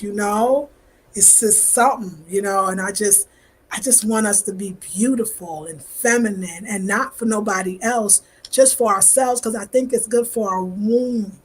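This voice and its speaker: A woman's voice: medium pitch, moderate pace, husky. A woman in her fifties from New York with a New York accent, chatting casually and animatedly with viewers on a live stream. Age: 50s. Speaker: vlogger.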